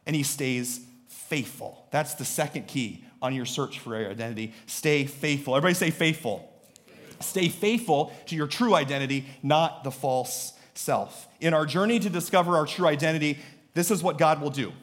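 A male pastor preaching a sermon, animated and joking, with sudden bursts of emphasis. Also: medium pitch, normal speed.

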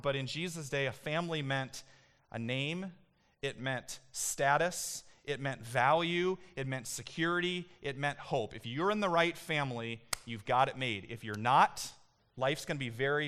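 A man's voice: medium pitch, normal speed, fairly bright tone, clean tone. A male pastor preaching a sermon in a church, speaking emphatically and building to impassioned peaks. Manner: emphatic, rising to impassioned peaks when voicing God.

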